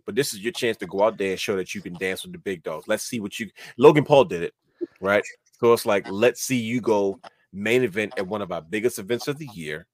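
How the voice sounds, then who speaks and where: A man hosting a casual wrestling podcast, talking in animated, rambling runs and laughing often. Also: lowish voice, no room sound. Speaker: podcast host.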